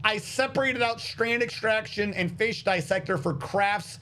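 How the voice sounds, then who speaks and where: A man's voice: high-pitched, a little slow, bright, forceful tone, a little hiss or hum. A man streaming a game, thinking aloud on a headset as he troubleshoots. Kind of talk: casual gameplay commentary.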